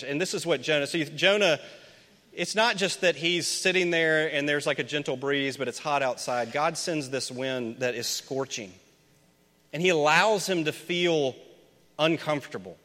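Bright-voiced preacher in a reverberant hall. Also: male voice, a little high. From Memphis, USA. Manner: chatty, asks the congregation questions. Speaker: pastor. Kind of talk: conversational sermon. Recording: long reverb of a large hall.

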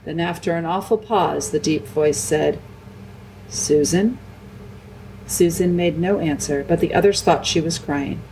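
A woman reads a children's novel aloud in a calm, measured voice. A faint hiss sits under her narration. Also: low voice, distant mic, low-quality recording. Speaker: audiobook reader. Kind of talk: storybook narration.

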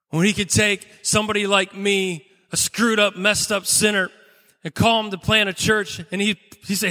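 A male pastor delivers a sermon in a high, bright voice, telling stories earnestly and pausing for weight. His words ring out with a long reverb, as in a large church hall. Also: fairly even intonation. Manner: earnest storytelling with dramatic pauses.

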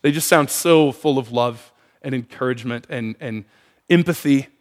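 A man preaching a sermon, asking the congregation questions in an animated way. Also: medium pitch, moderate pace, big-room sound. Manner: animated, asks the room questions. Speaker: pastor.

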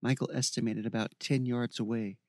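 A man's voice: medium pitch, flat delivery, fairly quick, no echo. Man narrating an audiobook, dry and close.

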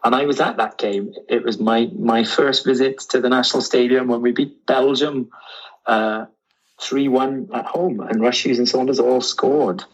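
A man's voice: medium pitch, steady tone, normal speed, slightly rough, muffled recording. A man co-hosting a casual podcast, easygoing, giving brief replies with hesitations. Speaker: podcast co-host. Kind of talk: casual chat.

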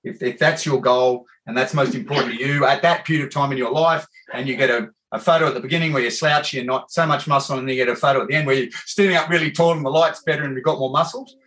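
An Australian man hosting a casual podcast chat. He tells animated, rambling stories and calls people "mate" often. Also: medium pitch, fast, hardly any pauses. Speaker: podcast host.

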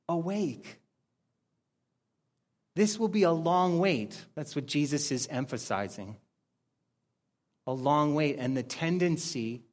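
A man preaching an informal sermon, repeating key phrases for emphasis and breaking into short acted-out exchanges. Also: high-pitched. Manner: informal, acts out little dialogues in quick put-on voices. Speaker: pastor. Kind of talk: conversational sermon.

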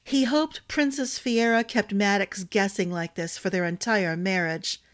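A woman storyteller reading a fantasy novel aloud in a steady, expressive narration. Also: mid-range voice, measured pace.

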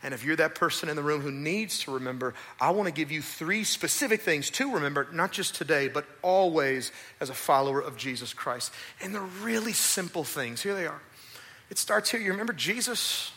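A male pastor preaching a sermon at a church service, animated and acting out voices. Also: on the high side, brisk. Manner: animated, acts out voices and asides.

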